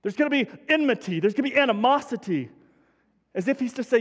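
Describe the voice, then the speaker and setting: High-voiced preacher in a big hall. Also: male voice, fast talker, slightly rough. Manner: energetic, conversational preaching with emphatic repetition. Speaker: pastor. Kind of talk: sermon.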